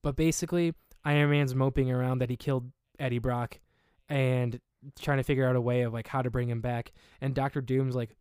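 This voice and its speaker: A man's voice: mid-range voice, a little fast, clean tone, no echo, clean studio sound. Chatty man retelling a comic. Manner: animated storytelling with many fillers and restarts. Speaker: podcast co-host. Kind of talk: casual chat.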